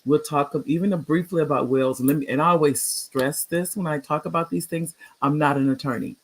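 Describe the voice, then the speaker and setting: A man in his sixties, a retired teacher, hosting a livestreamed talk show in a chatty, rambling way, greeting viewers by name with excited upswings. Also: fairly high pitch, brisk.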